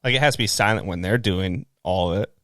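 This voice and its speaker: Young man, podcast co-host, slightly low voice, dry close mic, laughing and swearing in casual chat. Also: fast talker, fairly bright tone, no echo. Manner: loose, laughing, swears a lot, many fillers.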